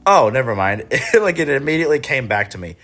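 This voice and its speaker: A man casually recapping his card game tournament rounds, laid-back and swearing, coughing and clearing his throat now and then. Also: medium pitch, sing-song, a little fast, a bit bright. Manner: laid-back, profane, chuckling, mock voices of opponents.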